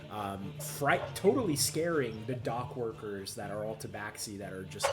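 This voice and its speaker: A man's voice: fairly low pitch, normal speed, over loud music. A man running a tabletop game as game master, narrating loosely with many fillers.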